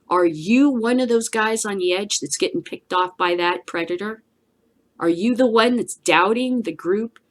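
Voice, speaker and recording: A woman hosting a cannabis news show, giving blunt, emphatic solo commentary with a preachy edge. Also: mid-range voice.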